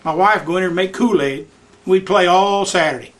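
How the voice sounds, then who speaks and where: At home in his living room, an older man spins folksy tales about coaching youth baseball, a Southern storyteller who acts out the voices in his anecdotes for a visitor. He speaks a little fast in a high-pitched voice.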